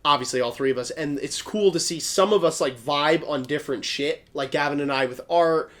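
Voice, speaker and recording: A man's voice: a little high, brisk. A young man co-hosting a podcast, recapping the night in upbeat, casually profane chat. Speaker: podcast co-host.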